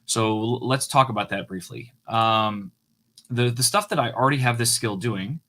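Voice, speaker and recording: A man's voice: medium pitch, moderate pace, sharp tone. A man walking viewers through his code on a live coding stream, casual and hesitant, with frequent fillers and restarts.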